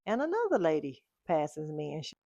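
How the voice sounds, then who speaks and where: A woman chatting casually as a fragrance vlogger, telling stories in a relaxed, drawn-out way. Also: sits low, no room sound, highs cut off. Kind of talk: casual chat.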